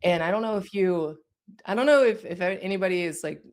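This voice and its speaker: Low-voiced woman teaching a course. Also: a little fast. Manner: direct, checks in with listeners. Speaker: course instructor. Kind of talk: conversational teaching.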